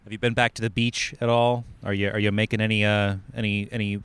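A man's voice: on the low side, little pitch movement, fast talker, fairly bright tone, clear, resonant tone, no room sound. A man co-hosting a casual comedic chat, tossing in dry, wry remarks. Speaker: podcast co-host.

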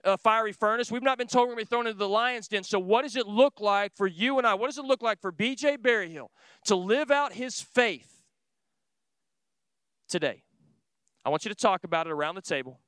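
A man's voice: sits high, a little fast, a bit bright, clear, resonant tone, no room sound. A man preaching an earnest sermon to a church group, asking repeated rhetorical questions. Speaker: pastor.

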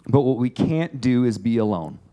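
A man giving a casual, conversational sermon, animated and chatty as he acts out a Bible story. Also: medium pitch, normal speed. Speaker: pastor.

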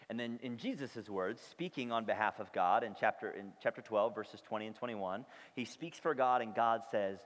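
A man's voice: lowish voice, moderate pace, hardly any pauses. A man preaching a sermon to his congregation in a church, speaking emphatically and often checking in with them. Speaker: pastor. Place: church sanctuary. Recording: long reverb of a large hall.

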